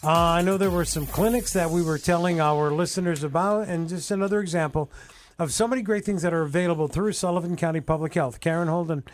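Brisk, joking male radio host. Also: a little high, steady tone, soft background music. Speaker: radio morning show host. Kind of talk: casual radio chat. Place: radio studio. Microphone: studio microphone.

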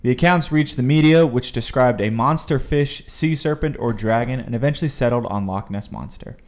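A man's voice: mid-range voice, moderate pace, darkish tone. A young man co-hosting a casual podcast, reading facts aloud from his notes with easy chatter. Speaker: podcast co-host.

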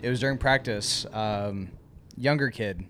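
A man's voice: on the low side, unhurried, fairly bright tone, slight background noise. A man co-hosting a comedy podcast, telling a story in casual chat, rambling with fillers and laughing easily. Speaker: podcast co-host.

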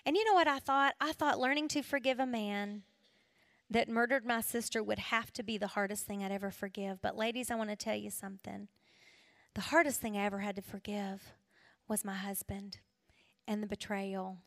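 A middle-aged woman from South Carolina, giving an emotional testimony sermon to women, dropping to a hush and then rising again. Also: mid-range voice, steady tone, moderate pace, gravelly. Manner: emotional, swings from hushed to raised and cracking. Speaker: women's ministry speaker.

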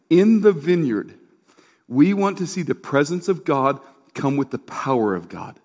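A middle-aged male pastor preaching in an easy, conversational way, his voice sitting a little higher than most men's. He tells a story with quick asides and calls out to the congregation for answers. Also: lively intonation, darkish tone. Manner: asks the crowd for responses. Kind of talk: sermon.

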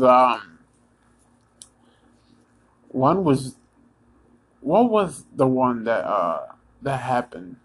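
A man from the United States giving casual sports predictions, halting often with ums and restarts while talking straight to his listeners. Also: mid-range voice, poor audio. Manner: Eagles fan, talks straight to listeners. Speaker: sports vlogger giving picks.

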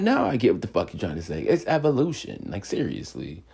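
Gravelly-voiced man ranting and cursing. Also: on the low side, fairly quick. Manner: swearing freely, animated, jumps into mocking quoted voices. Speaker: podcast host. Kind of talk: casual solo rant.

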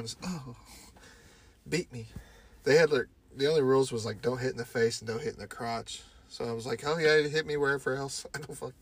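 A man's voice: mid-range voice, slightly rough. A man co-hosting a casual podcast, joking crudely and swearing freely, often breaking into laughter. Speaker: podcast co-host.

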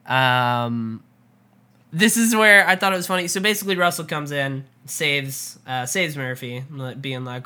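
A woman co-hosting a casual recap podcast, excited and quick to laugh as she talks through scenes with many fillers. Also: deep voice. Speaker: podcast co-host.

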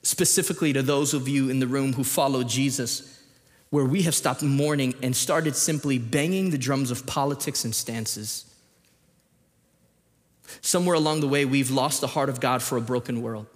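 A man preaching a sermon as a pastor, moving between quiet scripture reading and loud, animated emphasis. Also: mid-range voice, normal speed. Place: church auditorium. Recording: long reverb of a large hall.

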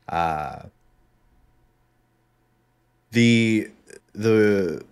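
A man's voice: lowish voice, drawn-out words, clear, resonant tone. A man co-hosting a podcast, chatting casually and a little hesitantly, with many ums and restarts. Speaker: podcast co-host. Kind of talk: casual chat.

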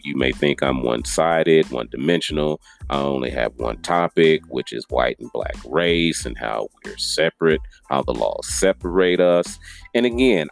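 Very deep-voiced man podcasting. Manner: earnest, apologetic and repetitive. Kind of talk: casual podcast monologue.

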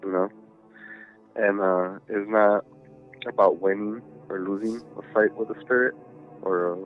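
A man's voice: fairly low pitch, fairly even intonation, unhurried. A man telling a long story in casual chat, rambling, swearing often and filling gaps with "you know". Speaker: podcast guest. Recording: tinny phone-like line with faint music.

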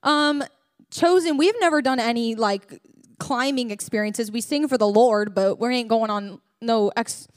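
A young woman with a fairly high voice gives a sermon that sounds like a story told among friends. She jokes, stays chatty and keeps turning to the congregation directly. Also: unhurried. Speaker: church speaker. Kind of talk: humorous sermon testimony.

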